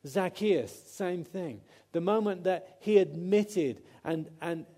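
Mellow-voiced man preaching a sermon. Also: high-pitched, slow. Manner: conversational, with restarts and acted-out quotes.

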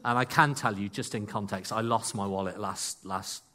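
A man preaching a sermon to a congregation, telling stories with lively asides and jokes about himself. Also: lowish voice, normal speed. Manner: animated storytelling, self-deprecating asides.

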